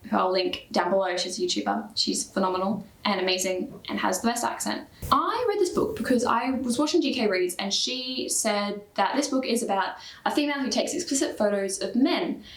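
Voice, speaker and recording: A young Australian woman in her twenties, chatting casually about books, full of "like" fillers and quick bursts of speech. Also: a little high, roomy sound. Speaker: book vlogger. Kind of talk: casual book review chat.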